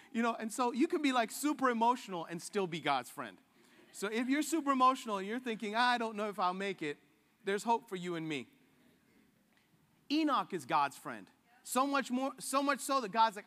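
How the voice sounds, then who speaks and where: A man's voice: very high voice, expressive, moderate pace, fairly bright tone, in a large hall. A man preaching a sermon in a casual, joking way, acting out the voices he quotes. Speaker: pastor.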